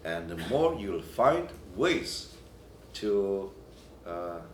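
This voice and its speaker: A man teaching a Byzantine chant class, explaining in halting phrases and breaking into short sung examples. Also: sits low, big pitch swings, a little hiss or hum. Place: church hall or classroom. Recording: echoey room, recorded from a distance.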